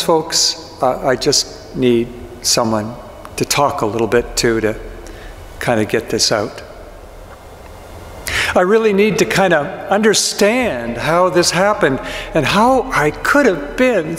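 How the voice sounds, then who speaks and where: A man, a pastor, voicing the remorseful apostle Peter in a halting, confessional monologue. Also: on the high side, big pitch swings, fairly bright tone, a little hiss or hum, exaggerated voice. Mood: grieving. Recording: echoey church with long reverb.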